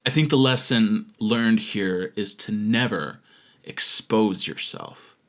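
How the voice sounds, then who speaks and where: A man's voice: fairly low pitch, slow pace, fairly bright tone. A man ranting as a filmmaker vlogger, reading out comments and mocking them with sarcastic asides and laughter. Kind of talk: comedic rant reading out comments.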